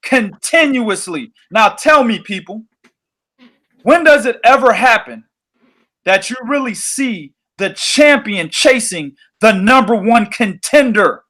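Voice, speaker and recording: High-voiced, profane boxing podcast host. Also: male voice, slow pace. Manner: profane, animated storytelling. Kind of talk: casual boxing podcast chat.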